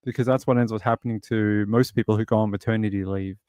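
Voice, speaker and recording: A man's voice: on the low side, fairly even intonation, fast, darkish tone, dry recording, studio quality. An Australian man hosting a livestream, chatting casually and rambling through stories while answering viewers. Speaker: livestream host.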